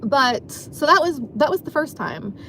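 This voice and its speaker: A woman's voice: high-pitched, expressive, unhurried, bright, forceful tone, a little hiss or hum. A woman casually telling a long story from her job as a dancer, rambling and filling her sentences with "like". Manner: rambling, filler-heavy, frequent "like".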